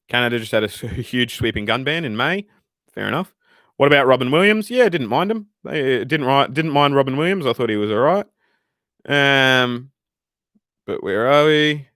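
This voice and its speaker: A young Australian man hosts a casual livestream, reading chat and rambling in between, lively and profane throughout. His pitch is medium, his pace normal, and the recording is clean studio sound with no room sound.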